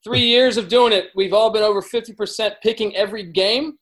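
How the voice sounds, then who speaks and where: A man with a notably high voice joins a betting podcast as a guest over a video call. He talks through his picks in a casual, rambling way, often restarting his sentences. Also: fairly even intonation, fairly quick, a bit bright, rough recording. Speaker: guest handicapper. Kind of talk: casual sports betting chat.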